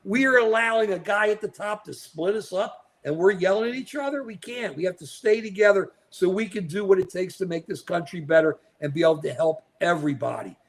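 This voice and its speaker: A man's voice: high voice, fairly quick, hardly any pauses. A man co-hosting a live political chat show, talking animatedly and calling out viewers by name. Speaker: co-host. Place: at home in New York.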